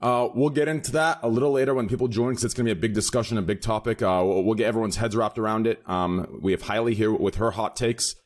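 A man hosting a casual podcast chat, excitable and quick to laugh, repeating himself. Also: lowish voice. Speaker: podcast host.

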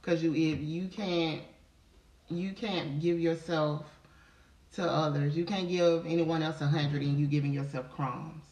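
A woman's voice: low-pitched, fairly even intonation, measured pace, a little mellow. A woman talks with fervent, preachy conviction, hammering her points home through repetition. Her voice sits back from the microphone. The room around her rings with a noticeable echo. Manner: fervent, preachy, repeats phrases for emphasis. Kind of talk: casual motivational chat. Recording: roomy, distant from the mic.

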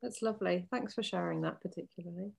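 A woman's voice: fairly low pitch, fast, gravelly, husky. A woman interviewing a guest, asking her questions tentatively and with careful phrasing.

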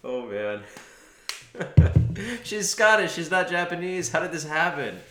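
A man's voice: fairly high pitch, lively intonation, slow, sharp tone, echoey room. A man co-hosting a casual chat who laughs often and gives thoughtful, hesitant commentary. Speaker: podcast co-host. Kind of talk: casual chat reacting to song lyrics.

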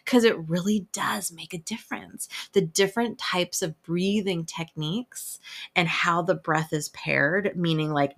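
A woman's voice: fairly low pitch, measured pace, fairly bright tone. A woman who works as an emotional health specialist, talking casually about breathwork with lots of swearing, jokes and laughter. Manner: profane, playful, laughs often. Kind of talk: casual spoken talk.

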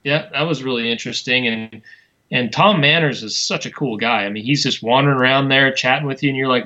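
Man, enthusiastic, halting, casual chat, forceful voice. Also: mid-range voice, rough recording.

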